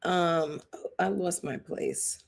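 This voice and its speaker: Blunt, lower-pitched woman chatting to viewers. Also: fairly even intonation, very slow, gravelly. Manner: chatty, emphatic, addresses viewers as y'all and girl. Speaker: reality TV commentator. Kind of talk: casual live-stream commentary.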